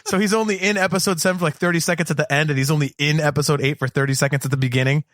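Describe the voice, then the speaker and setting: A man's voice: a little high, steady tone, very fast, a bit bright, dry recording, studio quality. A man co-hosting a casual fan podcast, laughing often and acting out lines in exaggerated voices. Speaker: podcast co-host. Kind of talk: casual chat.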